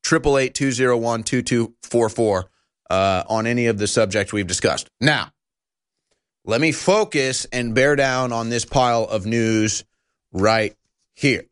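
Fired-up radio host guy, emphatic, keeps repeating himself, mid-pitched voice. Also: measured pace, smooth. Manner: emphatic and indignant, repeats phrases. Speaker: radio talk show host. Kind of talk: impassioned talk radio monologue.

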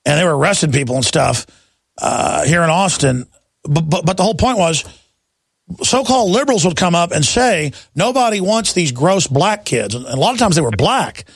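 Man, talk radio host, combative rant, high voice, dry close sound. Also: animated, gravelly, slightly rough, dry recording. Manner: intense, rapid, combative ranting. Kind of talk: talk radio monologue and call-in.

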